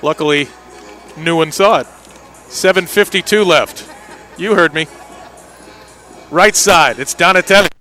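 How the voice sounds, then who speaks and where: A man doing live play-by-play commentary on an indoor soccer match, with quick calls that rise sharply on big plays. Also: fairly high pitch, pushed and bright, soft background music.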